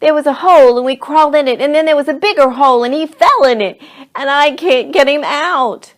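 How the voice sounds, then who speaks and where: A woman's voice: high-pitched, sing-song, slow pace, voice pushed up, heavily acted. A woman voicing an anxious, careful young boy who talks in an urgent, pleading way. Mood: panicked.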